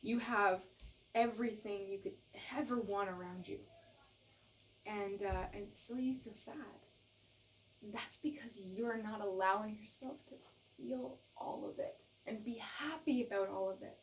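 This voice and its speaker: A woman's voice: mid-range voice, measured pace, recorded from a distance, slight background noise, rough recording. A woman giving a tarot reading to camera, earnest and reassuring, often checking in with "okay?" and gushing with emotion. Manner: gushes with emotion. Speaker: tarot reader.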